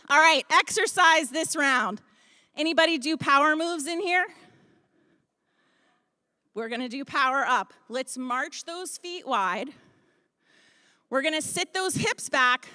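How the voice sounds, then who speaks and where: Upbeat female fitness coach, high and bright, steady measured delivery, dry sound. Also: dry recording. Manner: upbeat, coaching and counting out moves. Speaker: boxing fitness instructor. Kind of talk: leading a group exercise class. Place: expo hall stage, behind a podium. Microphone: handheld microphone.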